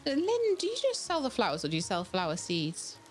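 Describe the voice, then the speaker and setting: A woman's voice: mid-range voice, wildly swooping pitch, a little fast, faint music behind. A woman casually commenting as she plays a farming game, chatty and thinking aloud as she goes. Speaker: game streamer. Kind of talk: casual let's-play commentary.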